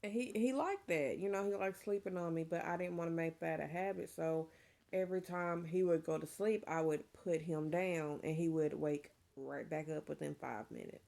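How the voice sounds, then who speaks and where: A middle-aged woman talks casually to her viewers, chatty and openly emotional. Her voice sits on the low side with a gravelly, creaky edge. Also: normal speed, darkish tone. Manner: chatty and emotional, saying y'all. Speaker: vlogger. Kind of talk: casual chat to camera.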